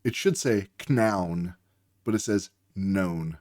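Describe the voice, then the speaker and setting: A man's voice: low-pitched, expressive, normal speed, darkish tone, dry recording, clean studio sound. A man working as a reading tutor, patiently explaining word spellings while acting out both teacher and student. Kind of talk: instructional demonstration.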